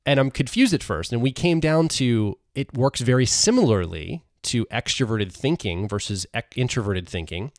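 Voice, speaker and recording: A man's voice: medium pitch, expressive, moderate pace, no echo, studio quality. A man co-hosting a podcast, explaining ideas in a conversational way and often restarting his sentences. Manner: talks through ideas with frequent restarts. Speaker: podcast co-host.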